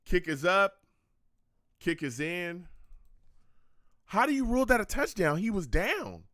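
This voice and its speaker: A man's voice: sits high, big pitch swings, unhurried, sharp tone, no echo, clean studio sound. A young man hosting a live football reaction stream, repeating himself a lot, venting at the calls and talking to his chat. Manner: frustrated, repetitive, talks to the chat. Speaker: fan show host reacting to a live game.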